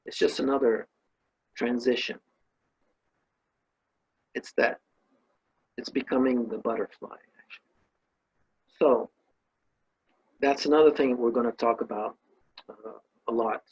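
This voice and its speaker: A man's voice: mid-range voice, fairly even intonation, a little slow, pauses often, darkish tone, breathy edge, highs cut off. A man giving an emphatic spiritual talk, telling a parable and listing emotions with rising force. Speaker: spiritual teacher.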